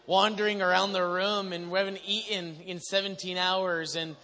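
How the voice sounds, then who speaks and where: Brief: male pastor, high bright voice, animated sermon storytelling, long hall reverb. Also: normal speed. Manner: animated storyteller who acts out quotes. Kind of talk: sermon testimony to a congregation.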